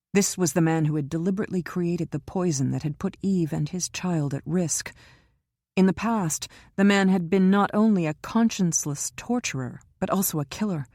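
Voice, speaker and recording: A woman narrating a crime thriller audiobook in a steady storytelling manner. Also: low-pitched, dry recording, studio quality.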